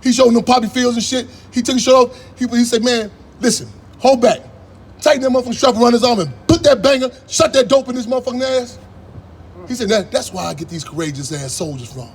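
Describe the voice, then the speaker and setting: High-voiced, fast-talking, fiery man. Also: slight background noise. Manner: profane, rambling storytelling with call-and-response. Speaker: activist speaker. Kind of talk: fiery political talk to a crowd.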